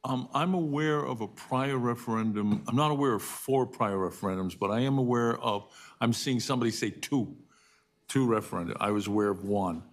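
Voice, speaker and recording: Man, board meeting chair, polite, measured, procedural. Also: mid-range voice.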